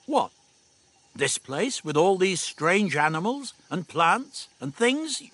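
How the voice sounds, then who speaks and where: A man's voice: sits high, very animated, slow pace, a bit bright, no echo, voice pushed up, heavily acted. A man voicing an impatient, exasperated young male traveller in an audiobook. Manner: snappy, impatient. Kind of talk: audiobook dialogue.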